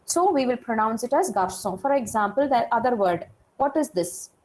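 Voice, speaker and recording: A woman gives a classroom French lesson in a high, clear voice. She explains step by step, repeats her points and keeps asking the class whether it is clear. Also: expressive, normal speed, a little mellow, rough recording. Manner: patient, repetitive explaining with check-in questions. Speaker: French teacher. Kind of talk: classroom lecture.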